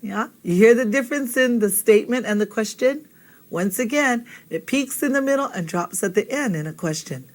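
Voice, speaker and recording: A woman's voice: on the high side, animated, moderate pace. A woman teaching a spoken language lesson, patient and encouraging, often checking in with the learner. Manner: patient, repeats and checks in with "okay?".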